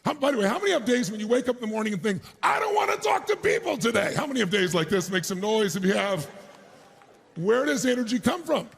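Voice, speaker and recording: A middle-aged man speaking as a motivational speaker at a live keynote, loudly firing up the audience. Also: high-pitched, lively intonation, quick pace, creaky, slightly rough. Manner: loud, crowd-rousing, hype-driving, shouting bursts. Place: large conference stage before a live audience.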